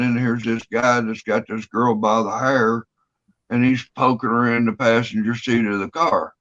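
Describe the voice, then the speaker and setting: A man's voice: medium pitch, fairly bright tone. Guy rambling thru a story, swears a lot, dull lo-fi sound. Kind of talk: casual chat. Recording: dull lo-fi audio.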